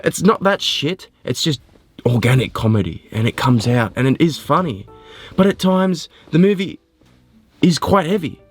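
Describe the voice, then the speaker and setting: A man giving a casual spoken film review, animated and rambling, often poking fun at himself. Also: a little high, moderate pace, husky, soft background music. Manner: animated, rambling, self-mocking.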